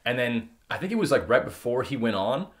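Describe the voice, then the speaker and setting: A man co-hosting a podcast in casual, laid-back chat, often laughing and pausing on fillers. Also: mid-range voice, very animated. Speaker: podcast co-host.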